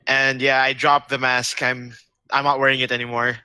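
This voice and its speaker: A man's voice: mid-range voice, level tone, moderate pace, noisy background. A man playing a tabletop game, talking casually and a bit unsure of himself. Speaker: player. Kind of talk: tabletop role-play.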